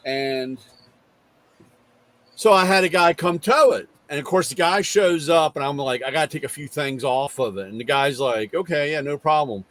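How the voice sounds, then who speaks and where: In a casual talk, a middle-aged host meanders through a garage anecdote, performing each side of the dialogue with animated quoting. He speaks at a moderate pace in a voice on the high side.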